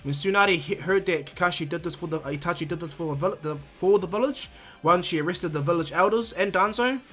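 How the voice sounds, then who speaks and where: A man's voice: high voice, brisk, pushed and bright, soft background music. A man casually retelling a fan story, rambling with lots of ums and restarts. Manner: rambling, many fillers and restarts.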